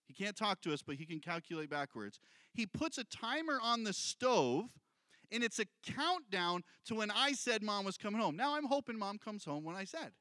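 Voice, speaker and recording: Middle-aged male pastor, bright tone, chatty sermon delivery with questions to the crowd. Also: high-pitched, no echo. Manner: conversational preaching, repeats key points, asks the congregation questions.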